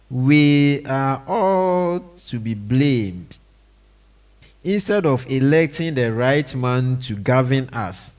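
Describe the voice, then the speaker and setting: A man reading a stage play aloud, voicing every part and the stage directions in a slow, deliberate way. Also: mid-range voice, a little mellow.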